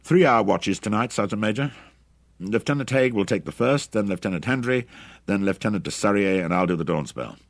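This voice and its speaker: A man's voice: on the low side, expressive, brisk, no room sound, pitched above the performer's own voice. A man doing a curt mercenary commander. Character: tough commanding male mercenary leader.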